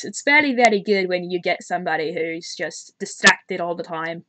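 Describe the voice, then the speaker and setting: A woman's voice: lowish voice, normal speed, hardly any pauses, background noise. A woman streaming a visual novel game, reading the story aloud and breaking off into chatty, giggly, teasing asides.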